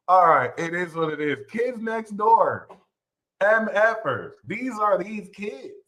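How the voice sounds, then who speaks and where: A man with a fairly high voice rants about astrology in a loose, casual way. His pitch swings widely, and he drops into exaggerated high voices when he mocks others. He swears freely and talks like he is chatting with regulars. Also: slow pace, rough recording. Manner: animated, jumps into high mocking voices for quotes, swears. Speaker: astrology channel host. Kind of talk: casual livestream rant.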